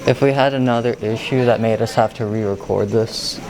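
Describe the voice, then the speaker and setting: A man's voice: on the low side, steady tone, brisk, background noise. A teenage boy, a student reporter, asking classmates for raven calls with self-mocking humor. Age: teens. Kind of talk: hallway interviews. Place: school hallways and classrooms. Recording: crowded school hallway.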